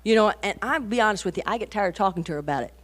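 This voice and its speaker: Woman, 40s, conversational sermon speaker; animated anecdotes, rhetorical asides, emphatic peaks. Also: medium pitch, very fast. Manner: animated storytelling, rising to emphatic bursts. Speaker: women's conference speaker. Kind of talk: conversational sermon to mothers and teens.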